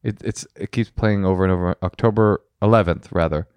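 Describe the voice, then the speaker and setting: A man in his thirties co-hosts a casual comedic podcast, his low voice brisk and clean with no echo. He's an animated storyteller who rambles and restarts his sentences often.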